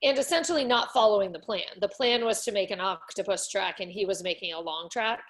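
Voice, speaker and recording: A woman's voice: mid-range voice, a little fast. A woman coaching a parent with confidence, explaining her advice and acting out short examples.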